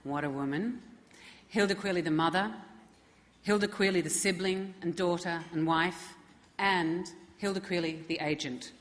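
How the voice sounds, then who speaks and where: A woman's voice: lowish voice, moderate pace. A middle-aged woman presenting an award, giving a tribute speech with wry, self-deprecating asides at a podium microphone. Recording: long hall reverb.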